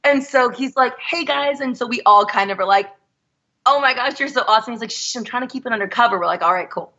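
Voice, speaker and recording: Bright-voiced woman telling a story. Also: a little high, fast talker, dull audio. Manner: animated, quotes others in her story. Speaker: guest. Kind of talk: casual storytelling.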